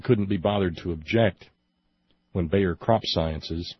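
A man's voice: sits low, takes it slowly, husky, no room sound, muffled recording. A man delivering a sarcastic commentary monologue, mocking and indignant in turns, with hesitant restarts as he reads from a report. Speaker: political commentary host.

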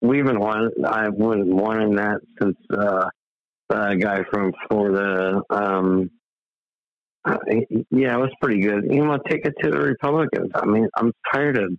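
A man calling in to a talk show, rambling and halting, swearing as he rants. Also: lowish voice, no room sound, muffled recording. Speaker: caller. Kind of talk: casual call-in talk.

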